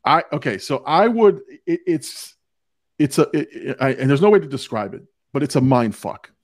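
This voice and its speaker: A man hosting a movie podcast in loose, casual chat, with a pitch right in the middle for a man. He rambles, trips over his own restarts and swears freely. The sound is dry and close, with no room around it. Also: sing-song, moderate pace, no echo. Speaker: podcast host.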